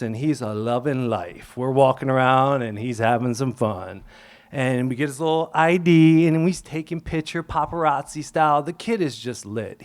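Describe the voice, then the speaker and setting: A young adult man telling a personal story on stage, acting out the voices and dropping to whispers at times. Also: medium pitch. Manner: animated, acts out quotes, drops to whispers.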